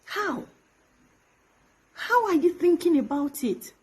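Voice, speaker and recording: High-voiced Nigerian woman, pleading and accusing. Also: lively intonation, slow pace, darkish tone, rough recording. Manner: pleading and accusatory, drops to whispers. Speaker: actress addressing her former pastor. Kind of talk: emotional direct-to-camera video message. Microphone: phone camera.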